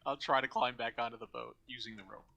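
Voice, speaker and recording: A man playing a tabletop role-playing game, talking in a playful, animated way. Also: mid-range voice, quick pace, lo-fi sound. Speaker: player. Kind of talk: casual tabletop play.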